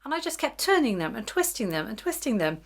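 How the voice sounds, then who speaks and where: A woman's voice: on the high side, sing-song, fast. Chatty, giggly middle-aged woman vlogger. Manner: chatty, giggly, self-deprecating. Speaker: sewing vlogger. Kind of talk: casual chat to camera.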